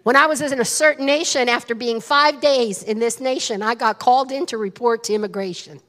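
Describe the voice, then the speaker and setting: A woman pastor tells a story in a sermon, animated and dramatic, and talks straight to the congregation. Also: fairly high pitch, fairly quick. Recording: long reverb of a large hall.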